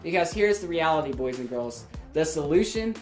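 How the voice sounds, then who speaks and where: Animated woman telling kids a Bible story. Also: sits low, normal speed. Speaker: children's ministry leader. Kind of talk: children's Bible story recap. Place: church children's ministry. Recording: roomy with faint music.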